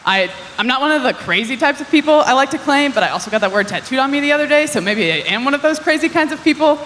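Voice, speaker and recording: A young woman giving a casual, self-mocking youth sermon, chatty with quick asides and lots of "like". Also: high-pitched, expressive, a bit bright. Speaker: youth ministry speaker. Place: church hall. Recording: long hall reverb, faint ambient noise.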